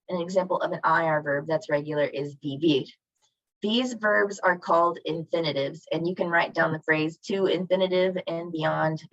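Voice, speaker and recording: A woman's voice: on the low side, no echo. A woman teaching a Spanish class online, asking students questions and praising their answers. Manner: encouraging, asks students questions. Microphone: video call. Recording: dull lo-fi video call audio.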